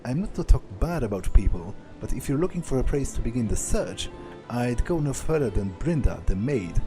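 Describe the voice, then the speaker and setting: Formal, wary male servant, lively pitch, read by a man. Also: moderate pace, music in the background, lightly acted. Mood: guarded. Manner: formal, suspicious. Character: stiff defensive loyal male house servant.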